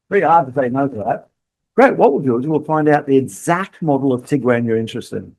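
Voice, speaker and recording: Animated man hosting a sales podcast. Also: on the high side, moderate pace. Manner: animated, acts out customer and salesperson lines. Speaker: sales trainer and podcast host. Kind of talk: podcast monologue.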